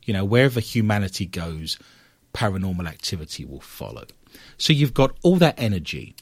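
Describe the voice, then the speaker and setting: A man's voice: deep voice, very animated, fairly quick, slightly rough, no room sound. An English man with an English accent hosting a show in a chatty, wry way. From England. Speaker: podcast host. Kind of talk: casual chat.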